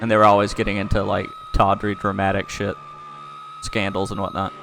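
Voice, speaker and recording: A man's voice: on the low side, completely flat delivery, fairly quick, creaky, over music. A man hosting a stream, casually riffing on a movie with sardonic, crude jokes. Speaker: stream host.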